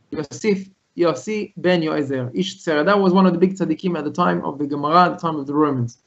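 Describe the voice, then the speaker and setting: A man's voice: high voice, dull audio. A man, a rabbi, telling a Torah story to his congregation over a video call, acting out the characters' lines as he goes. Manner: animated retelling, voicing characters' lines.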